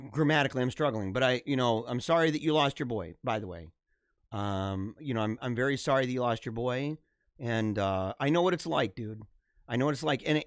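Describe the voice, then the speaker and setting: A man's voice: on the high side, dry recording, clean studio sound. A man in his thirties hosting a live stream, reading viewer comments in fervent, slangy casual talk with lots of emphatic repetition.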